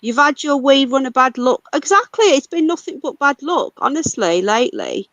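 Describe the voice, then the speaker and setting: A woman's voice: high voice, lively intonation, normal speed, fairly bright tone, dry recording, rough recording. Angry British woman ranting on a livestream. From United Kingdom. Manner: angry, ranting, swears a lot. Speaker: livestream host. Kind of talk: casual livestream chat.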